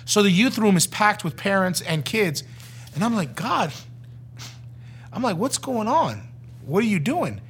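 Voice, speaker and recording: A middle-aged man with a voice that sits a little high tells his own testimony as a former youth pastor. He tells it in a lively way and acts out each person he quotes. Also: measured pace, long pauses, a little hiss or hum. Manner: animated storytelling, acting out the people he quotes.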